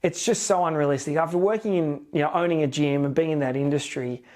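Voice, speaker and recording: A man coaching viewers on diet and fitness, speaking bluntly and with emphasis. His voice sits a little higher than most men's. It has the easy, casual feel of a talk-to-camera video. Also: fast talker, darkish tone. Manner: frank, emphatic, plain-spoken.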